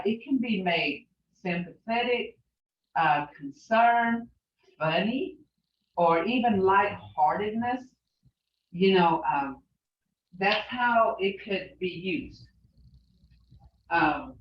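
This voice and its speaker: Slow rambling woman language teacher. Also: medium pitch, distant mic, lo-fi sound, a little hiss or hum. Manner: rambling, repeats phrases, many fillers. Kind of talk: online class lecture.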